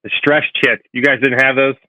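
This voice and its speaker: A man's voice: mid-range voice, flat delivery, fairly quick, no echo, dull audio. Self-mocking man in his forties. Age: 40s. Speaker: podcast guest. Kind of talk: casual chat.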